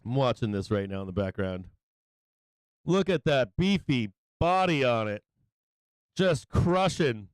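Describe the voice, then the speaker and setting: A man hosting a live stock market stream, excitable and taunting, repeating his phrases and laughing often. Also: medium pitch, moderate pace, clean tone, no room sound. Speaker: stock market livestream host.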